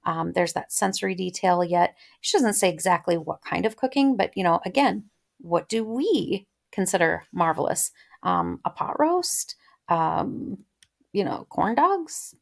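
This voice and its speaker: Chatty, gravelly woman teaching literature. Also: on the low side, big pitch swings, a little slow. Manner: chatty, thinking aloud with many ums. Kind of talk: casual close-reading lecture.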